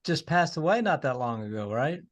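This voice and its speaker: A man with a fairly high voice speaks up in a casual chat with short, brief comments. He keeps it conversational. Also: big pitch swings, fairly quick.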